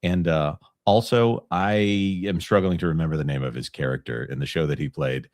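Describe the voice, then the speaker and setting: A man's voice: rumbling low, steady tone, moderate pace, dry recording, clean studio sound. A man co-hosting a casual live chat, reading out viewer messages and joking. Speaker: co-host.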